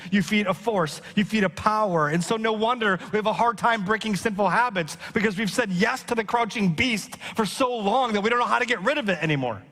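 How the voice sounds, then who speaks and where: Pastor, male, high voice, emphatic repetition, long hall reverb. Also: lively intonation, moderate pace, a bit bright. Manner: preaching with rising emphasis, repeating key lines. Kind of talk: sermon. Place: church hall.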